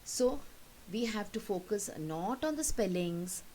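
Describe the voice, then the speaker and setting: A warm, mid-range female voice with lively intonation leads a recorded lesson, patiently pronouncing every word twice at a slow pace as a model. The audio is poor and carries a faint hiss.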